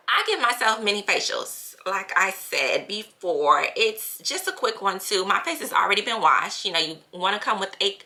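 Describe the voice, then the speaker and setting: A woman vlogging at home in a chatty, lively way, full of slang and casual fillers. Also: mid-range voice, gravelly. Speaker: family channel vlogger. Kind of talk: casual chat vlog.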